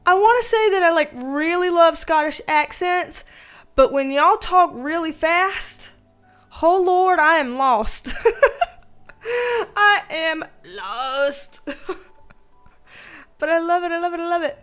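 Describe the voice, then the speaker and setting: A woman's voice: very high voice, takes it slowly, pauses often, a bit bright, faint music behind. A woman hosting a casual livestream, greeting viewers by name and laughing often. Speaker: livestream host and tarot reader.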